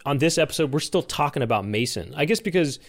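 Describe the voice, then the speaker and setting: A man's voice: a little high, lively intonation, quick pace. A man hosting a comedy podcast, chatting casually and jokingly and setting up the next segment. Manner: upbeat, joking, announcer-like segues. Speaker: podcast host.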